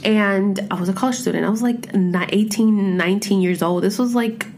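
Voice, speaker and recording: A woman in her thirties chatting casually at home as a podcast host, rambling and expressive, with heavy swearing and filler words. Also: medium pitch, normal speed, slight background noise. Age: 30s. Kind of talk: casual chat. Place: home room with pets.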